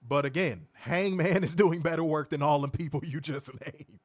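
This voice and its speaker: A man's voice: fairly high pitch, normal speed. A man co-hosting a wrestling review show, reading comments and ranting casually with plenty of profanity. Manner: animated, profane, laughing rants.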